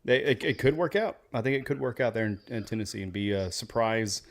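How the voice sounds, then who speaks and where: A man's voice: fairly low pitch, lively intonation, a little fast. Joking, foul-mouthed man from Oklahoma. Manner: loose, profane, joking, drinking while talking. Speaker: podcast host. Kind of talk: casual sports podcast chat.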